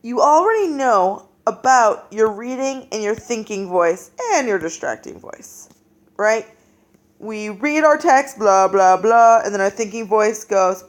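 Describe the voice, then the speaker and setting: A woman's voice: on the high side, a little slow. A woman teacher giving a classroom reading lesson, talking to her students and acting out the voices they hear in their heads. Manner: animated, acts out inner voices.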